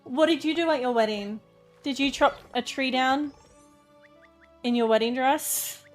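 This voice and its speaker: A young adult woman streamer giving casual, excitable gameplay commentary, chatty and swearing often. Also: sits high, unhurried, soft background music.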